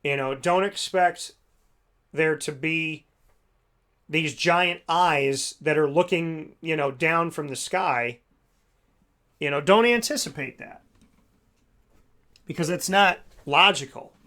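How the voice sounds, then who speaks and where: Male host, slightly high-pitched, casual storyteller full of fillers who acts out the voices. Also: takes it slowly, pauses often, pushed and bright. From United States. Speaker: radio show host. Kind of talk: reflective talk with a told parable.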